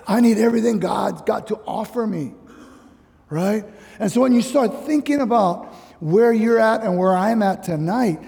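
A man from Hawaii preaching a sermon as pastor, emphatic and animated with casual slang asides, in a church hall. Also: high voice, creaky. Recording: long hall reverb.

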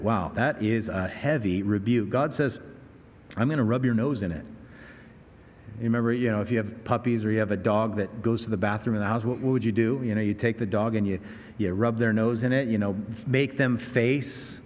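A man's voice: fairly low pitch, a little fast, in a large hall. A man preaching a sermon as pastor, telling stories with earnest, rising emphasis. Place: church sanctuary.

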